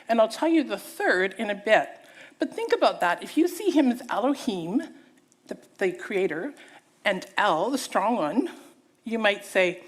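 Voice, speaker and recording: This woman preacher's voice sits on the high side, moving at a normal speed. Giving a church sermon, she dramatizes a story with theatrical voices, staying lively and engaging with the audience throughout.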